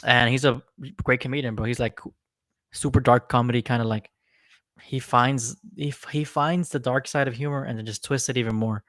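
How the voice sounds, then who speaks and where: A laid-back young man with a mid-pitched voice co-hosts a casual political chat. He agrees easily, swears casually, and drops "bro" often, and his voice sounds dry and close with no room echo. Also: fairly even intonation, moderate pace, a bit bright. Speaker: podcast co-host.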